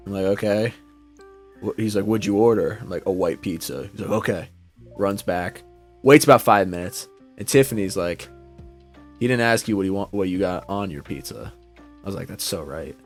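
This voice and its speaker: A young man co-hosting a podcast tells a long story over a call mic, his fairly low voice moving at a moderate pace with soft music behind him. He's animated and casually profane, acting out the quotes as he goes.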